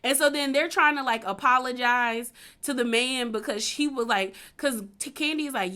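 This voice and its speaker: A young woman with a bright, forward voice sitting a touch high, chatting loosely through a reality-show recap. She laughs often and leans on filler words as she goes. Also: moderate pace. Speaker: recap vlogger.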